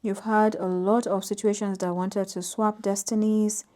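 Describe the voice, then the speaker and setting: Female tarot reader, soft-spoken, warm mellow tone, gentle emphasis on card meanings. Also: mid-range voice, level tone, moderate pace. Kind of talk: intuitive tarot reading to camera.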